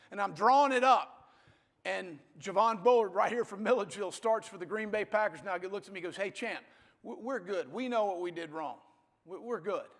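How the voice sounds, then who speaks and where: In a rather high, slightly bright voice, a man in his fifties who coaches football gives a motivational talk. He shares stories bluntly and folksily, and the hall around him is reverberant.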